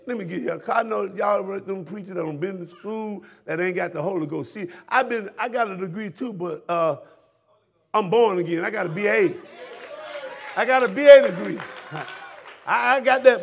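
High, gravelly preacher man. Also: fairly quick, some chatter behind. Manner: fiery, preaching with shouted questions to the congregation. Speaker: pastor. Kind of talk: sermon. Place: church sanctuary.

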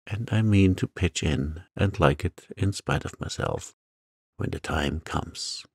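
A man's voice: low-pitched, a little slow, breathy edge, no room sound, studio quality, full character voice. A man voicing a proud but downcast teenage boy in a storybook reading, brave yet dejected.

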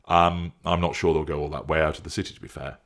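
A man's voice: a bass voice, little pitch movement, fairly bright tone. A man playing a patient, reluctant man. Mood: coaxing. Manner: measured, refusing, reasoning.

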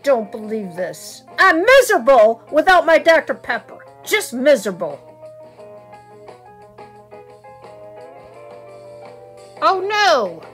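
Lady doing a grumpy guy moaning dramatically about his soda, homemade skit, highish voice, faint music behind. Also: sing-song, normal speed. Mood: sulky. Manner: whiny, dramatic complaining.

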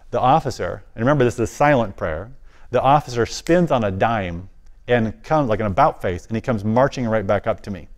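A man giving a personal testimony as a guest speaker, animated and often dropping his voice low for the quiet moments. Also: fairly quick.

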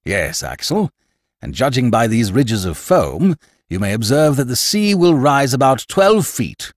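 A man's voice: medium pitch, sing-song, a little slow, no echo, clean studio sound, voice pushed up. A man voicing a self-assured older professor who explains matters to his nephew. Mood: confident. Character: confident older male professor, lecturing uncle.

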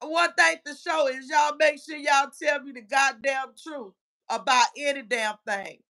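A woman hosting a casual livestream, reading chat comments aloud in a brash, profane way and often shouting. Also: high voice, fairly even intonation, a little slow.

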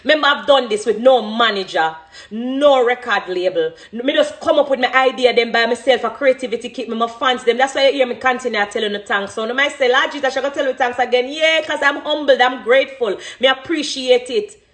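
A Jamaican woman in her thirties, a dancehall artist, delivers a fervent monologue in a fairly high voice. She speaks emphatically and keeps hammering home the same few phrases. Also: brisk, fairly bright tone. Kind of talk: impassioned monologue.

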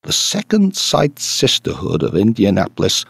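A man's voice: on the low side, wildly swooping pitch, moderate pace, gravelly, breathy edge, no echo, exaggerated voice. A man reading the part of a brash, talkative male journalist in an audiobook, eager and insistent.

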